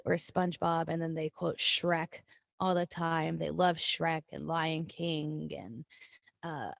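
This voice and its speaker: A woman's voice: low-pitched, steady tone, takes it slowly, vocal fry, dry recording. A woman in her thirties with a somewhat Southern accent, co-hosting a podcast, swearing and laughing freely. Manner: swearing, laughing, acts out her kids' voices. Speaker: podcast co-host. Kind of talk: casual chat.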